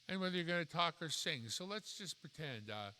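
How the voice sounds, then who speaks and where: A man casually walking through his streaming gear, relaxed and rambling, correcting himself as he goes, into a dynamic microphone. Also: a little high, fairly quick, long reverb tail, slight background noise. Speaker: YouTube creator reviewing streaming gear.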